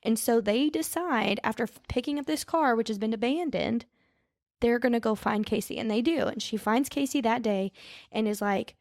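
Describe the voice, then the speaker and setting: A woman recaps a true-crime case for her podcast co-host in loose, chatty storytelling, slipping on names and fixing them as she goes. Her voice sits a little high with a gravelly fry. The sound is dry and close, with no room echo. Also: moderate pace, a little mellow. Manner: chatty, mixes up names and corrects herself.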